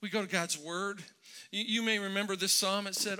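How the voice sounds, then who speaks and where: A man's voice: high-pitched, steady tone, brisk, sharp tone, clear, resonant tone. A man preaching a sermon, telling a story in a conversational way with many restarts and repeated words. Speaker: pastor.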